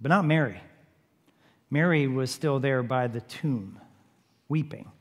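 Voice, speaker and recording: A man's voice: medium pitch, a little slow. A man preaching a sermon, retelling a story vividly and repeatedly urging his listeners to imagine the scene. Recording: long hall reverb.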